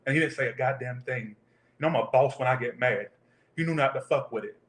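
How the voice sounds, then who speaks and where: A man's voice: medium pitch, fast, fairly bright tone, echoey room. A man giving a casual tarot reading, rambling off into profane tangents. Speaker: tarot reader.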